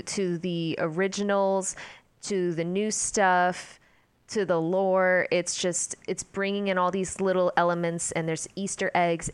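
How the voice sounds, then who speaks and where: A woman co-hosting a casual podcast, enthusiastic and quick to laugh. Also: on the low side, clear, resonant tone, no echo. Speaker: podcast co-host. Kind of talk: casual chat.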